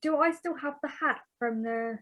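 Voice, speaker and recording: A woman's voice: sits high, normal speed, fairly bright tone. A woman playing a tabletop game, chatting playfully with the table. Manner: playful, giggly. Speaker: player. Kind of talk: casual chat at a game table.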